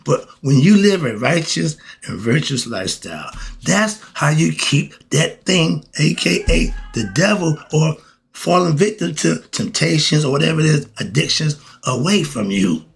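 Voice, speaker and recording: A man's voice: fairly high pitch, animated, normal speed, vocal fry. A man, delivering a preachy spiritual monologue full of rhetorical questions. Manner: preachy, repetitive, rhetorical questions, chuckles between points. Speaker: channel host.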